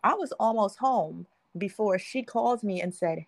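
A young adult woman hosts a podcast, chatting casually as she tells a story, acting out the quotes and laughing often. Her mid-range voice is gravelly with lively intonation, and she keeps a measured pace with few pauses. The recording is dry.

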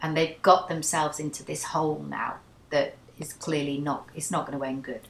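Low-voiced female podcast co-host, casual and chatty, roomy echo. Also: steady tone, moderate pace, gravelly, a little hiss or hum. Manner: chatty, laughs while retelling scenes. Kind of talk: casual book chat.

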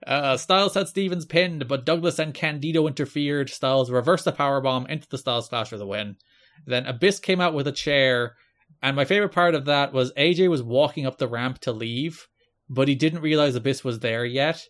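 A man's voice: medium pitch, a little fast, a bit bright. A man co-hosting a casual wrestling podcast, recapping old episodes in a dry, wry way and laughing often. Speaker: podcast co-host.

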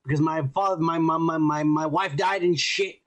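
A man co-hosting a casual podcast, talking in an animated, profane way and acting out scenes he retells. His voice sits a little high for a man, and he swears freely as he goes. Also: normal speed. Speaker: podcast co-host.

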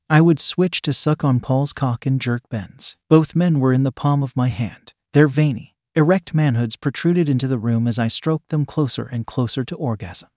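A man reading an explicit story aloud in the first person, in a steady, unhurried way on a close mic. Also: medium pitch, no room sound.

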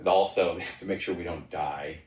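A man in his forties talks casually as a guest, circling his point with restarts and fillers. His voice sits on the low side and carries a noticeable room echo. When he quotes himself, he leaps into high, excited voices. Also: fairly quick. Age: 40s. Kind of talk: casual chat.

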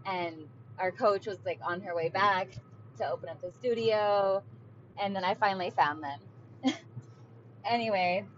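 A woman talks to her camera in a loose, confessional way, leaning on "like" and "um" as she goes. Her voice sits at an ordinary middle pitch. The audio is a touch muffled and lo-fi, with a faint hum of traffic behind her. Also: measured pace, long pauses. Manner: chatty, many fillers and "like". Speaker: vlogger. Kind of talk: casual confessional storytelling.

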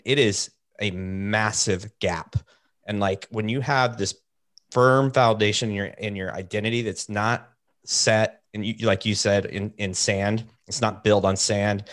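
Man, host, low voice, reflective, casual chat. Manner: reflective, builds on long metaphors.

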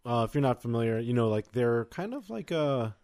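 A man's voice: mid-range voice, very animated, fairly quick, darkish tone. A man co-hosting a podcast in casual chat, laid-back and rambling, with the odd casual curse. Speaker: podcast co-host.

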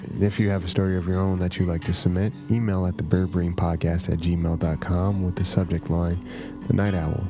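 A man's voice: low-pitched, little pitch movement, brisk, over music. A man hosting a podcast, narrating a first-person horror story in a conversational, confiding way.

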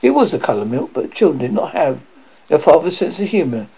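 A man reading a children's classic aloud, lively and prone to stumbles. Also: a little high, fast, creaky, husky. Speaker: reader. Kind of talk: storybook reading. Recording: dull lo-fi recording.

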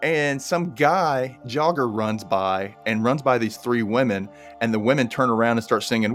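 A man's voice: mid-range voice, normal speed, hardly any pauses, soft background music. A man casually recapping a TV episode with a co-host, often acting out the characters in a raised voice. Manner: animated, acts out characters in a raised voice. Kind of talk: casual chat.

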